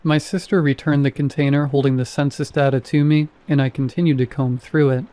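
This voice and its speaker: A man narrating a first-person horror story in a calm, measured reading. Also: on the high side.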